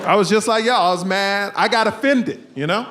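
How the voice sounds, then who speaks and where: A man with a high voice performs stand-up comedy on a live stage, swinging his voice around as he acts out the people in his story. The audience laughs loudly around him, and there is a steady hum of noise in the room. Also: fairly quick, some chatter behind. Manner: animated storyteller, acts out characters with big pitch jumps.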